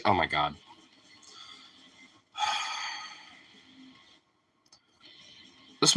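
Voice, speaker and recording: Young man, very bright sharp voice, casual profane rambling, teasing his dog, squeaky calls. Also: lively intonation, moderate pace, long pauses, soft background music. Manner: sudden high squeaky voice when calling his dog. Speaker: vlogger talking to his dog. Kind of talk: casual chat.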